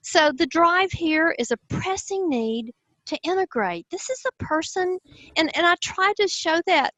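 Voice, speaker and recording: An enthusiastic, expressive woman with a Southern US accent, explaining personality styles in conversation. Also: very high voice, unhurried, no echo, rough recording. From Southern United States. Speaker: host, personality-type teacher.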